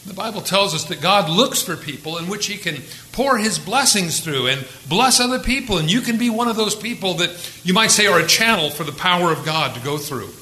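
High-voiced bright pastor preaching. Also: male voice, lively intonation, fairly quick, few pauses, echoey room, poor audio. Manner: conversational preaching with dramatic raised quotes. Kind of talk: sermon.

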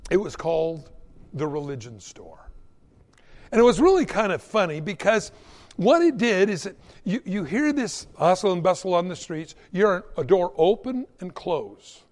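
A male pastor preaching with animated storytelling energy. His voice sits high and swings widely in pitch. The sermon rings with a long hall echo. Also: normal speed.

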